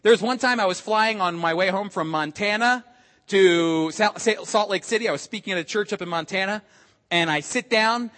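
A man preaching a sermon as pastor, animated and emphatic, acting out quotes as he goes. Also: high-pitched, moderate pace. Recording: long hall reverb.

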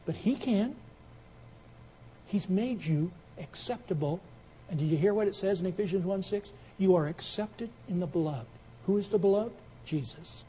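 Fervent male preacher, fairly high voice. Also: moderate pace, a little hiss or hum. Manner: builds from quiet storytelling to loud emphatic preaching. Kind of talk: sermon with an illustration story.

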